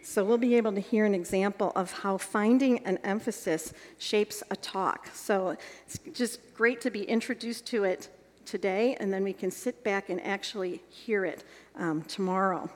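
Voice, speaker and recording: A woman leads an evening teaching workshop for a group. She guides them through each step and keeps checking whether they follow. Her voice sits at an ordinary middle pitch, and a long reverb trails each phrase as if she is in a large hall. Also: normal speed. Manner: guiding, asks the group checking questions. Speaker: workshop leader teaching Bible exposition.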